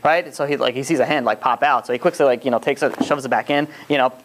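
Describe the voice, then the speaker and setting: A man's voice: medium pitch, fast talker, a little hiss or hum. A man teaching a religious lesson in a casual, rambling storytelling way, full of fillers and restarts. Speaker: Torah teacher.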